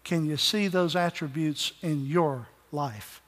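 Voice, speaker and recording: A man preaching a sermon with passion, repeating phrases for emphasis and swinging between loud calls and soft words. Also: a little high, slow pace. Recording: long reverb of a large hall.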